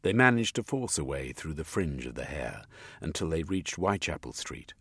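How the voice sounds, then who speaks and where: A man reading scripted narration for an audiobook with expressive, varied intonation. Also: a bass voice, normal speed, breathy edge, no room sound.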